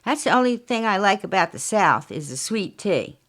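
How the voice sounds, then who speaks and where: A woman's voice: mid-range voice, sing-song, moderate pace, fairly bright tone. A woman voicing a bossy, nagging older wife who talks in a whiny, demanding, raised voice.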